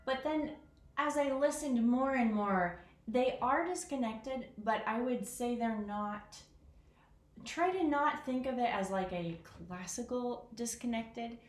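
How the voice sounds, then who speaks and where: A woman talking casually through how she practices a piano piece, chatty and self-deprecating, counting rhythms out loud. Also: fairly high pitch, takes it slowly. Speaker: piano teacher. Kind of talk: casual piano lesson vlog. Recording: echoey room with piano. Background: piano playing.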